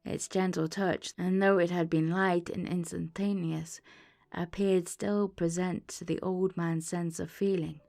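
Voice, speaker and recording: A woman narrating a classic tale as a bedtime audiobook in a calm, measured reading voice. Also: fairly low pitch, vocal fry. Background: soft ambient music.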